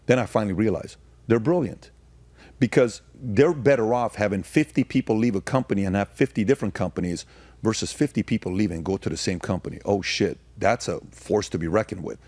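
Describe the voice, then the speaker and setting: Middle-aged man, low voice, dry close sound, animated storyteller who acts out quotes. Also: brisk, no echo. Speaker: guest. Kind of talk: casual conversation.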